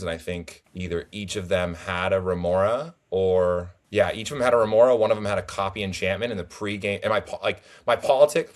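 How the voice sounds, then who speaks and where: Young man, very deep voice, rambling animated storyteller, casual recap. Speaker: tournament player guest.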